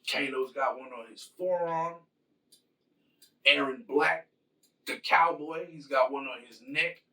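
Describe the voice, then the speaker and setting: Slow, gravelly man retelling a movie. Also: a little high, pushed and bright, far from the mic, rough recording. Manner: loose, profane, rambling. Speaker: host.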